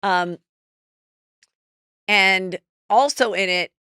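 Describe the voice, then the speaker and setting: A middle-aged woman hosting a podcast, chatting casually and gossiping about celebrities in an animated storytelling way. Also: mid-range voice, extremely slow, clean tone, dry recording, clean studio sound. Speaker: podcast host.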